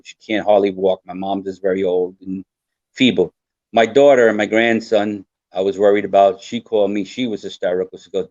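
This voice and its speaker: A man's voice: on the low side, brisk, darkish tone, no room sound. An older man, a guest survival expert, talking earnestly and rambling in a casual podcast chat. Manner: earnest, rambling, repeats himself. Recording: dry, dull lo-fi sound.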